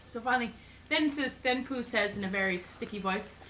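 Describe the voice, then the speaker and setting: A woman's voice: fairly high pitch, fairly quick, noisy background. A woman eagerly retelling a cartoon story in casual family chat, giggling often and repeating "so anyways".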